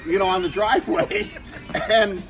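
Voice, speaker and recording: A man casually telling a rambling story to friends, animated and swearing freely. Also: sits high, measured pace, poor audio.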